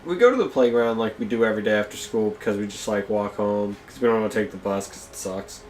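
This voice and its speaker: A man's voice: lowish voice, lively intonation, fast, a little mellow, a little hiss or hum, low-quality recording. A young man chatting casually on a podcast, chiming in with laid-back comments. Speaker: podcast guest. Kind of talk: casual chat.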